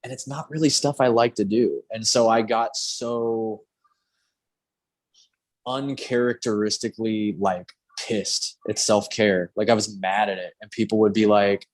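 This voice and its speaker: A man's voice: lowish voice, steady tone, unhurried. Man, tattoo artist host, casual chat, candid, swears a lot, acts out quotes.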